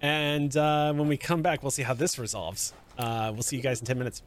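Man, game master, calm measured narration, mid-pitched voice.

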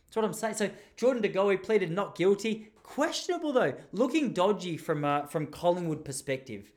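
A young Australian man with a fairly high-pitched voice talks on his podcast in a loose, rambling way. He jokes his way through stories in casual chat. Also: moderate pace, few pauses. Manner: rambling, jokey, animated storytelling with laughs. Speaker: podcast host.

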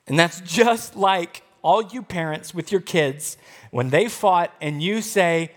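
A male pastor preaching a sermon, expressive and swinging between loud and hushed. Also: a little high, unhurried.

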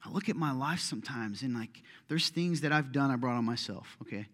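A man's voice: medium pitch, fairly quick, fairly bright tone. A middle-aged man preaching a sermon as a pastor, conversational and impassioned, acting out prayers and complaints aloud.

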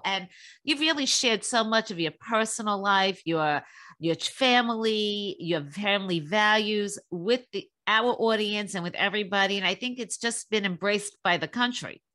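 A woman's voice: mid-range voice, measured pace, pushed and bright. Effusive woman podcast host. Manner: effusive and praising. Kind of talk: casual interview.

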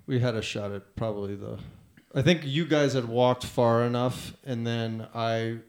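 A man's voice: mid-range voice, steady tone, measured pace. A man hosting a podcast in casual conversation, loose and rambling with many restarts.

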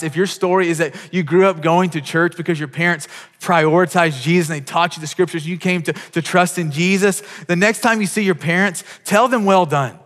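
A man's voice: a little high, fairly bright tone, in a large hall. A man preaching a sermon as a pastor, telling stories with quoted dialogue and frequent restarts.

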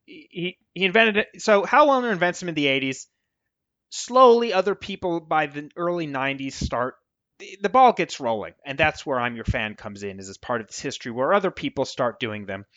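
An American man, an author guest in a casual interview, talking in an animated, digressive way. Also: fairly high pitch, fairly quick, no room sound, muffled recording.

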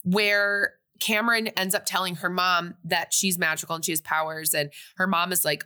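A woman's voice: fairly low pitch, normal speed, few pauses, clean tone. A young woman casually recapping a movie on a podcast, animatedly acting out the characters' lines. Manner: animated, acts out characters' lines in big voices. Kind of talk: casual chat.

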